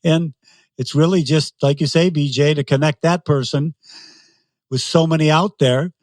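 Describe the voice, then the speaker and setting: A man's voice: a little high, fairly even intonation, moderate pace, darkish tone, no room sound. A man in his sixties, a guest in an interview, telling stories animatedly and laughing often. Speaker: guest, race announcer. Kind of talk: casual interview storytelling.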